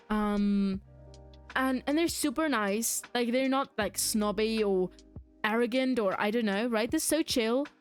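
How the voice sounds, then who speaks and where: A young adult woman with a slightly high voice talks casually to her stream chat. She rambles from thought to thought, animated and quick to laugh. Faint game music sits quietly in the background. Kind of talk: casual chat while gaming, reading chat aloud.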